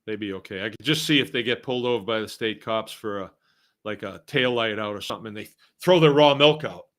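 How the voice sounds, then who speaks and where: A man's voice: on the low side, brisk, a bit bright. A middle-aged man from Massachusetts hosting a casual live stream, reading viewer comments aloud and rambling along with chuckling asides. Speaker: host.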